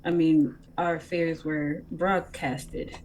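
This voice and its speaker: A woman playing a kindly lizardfolk warrior in a tabletop game, talking earnestly and haltingly. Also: low-pitched, little pitch movement, a little mellow, a little hiss or hum, poor audio. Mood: comforting. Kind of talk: in-character role-play.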